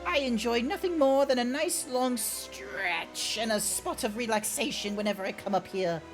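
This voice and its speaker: A man's voice: extremely high pitch, music in the background, voice pushed up. A man voicing a fussy, genteel male game character in a put-on posh British nanny voice. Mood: prim, genteel. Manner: plummy, drawn-out, overly polite delivery.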